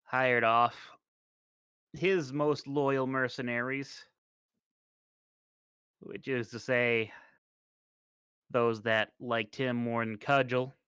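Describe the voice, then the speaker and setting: Unhurried man narrating a tabletop game. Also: mid-range voice, clear, resonant tone, dry recording. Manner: relaxed, hesitant narration with many restarts. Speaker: dungeon master.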